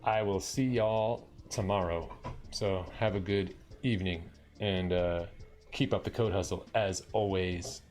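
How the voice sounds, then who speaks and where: A man's voice: deep voice, fairly even intonation, a little slow, a little mellow, faint music behind. A man from Long Island, New York, chatting casually and rambling with lots of fillers as he wraps up a live coding stream. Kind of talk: casual chat to viewers.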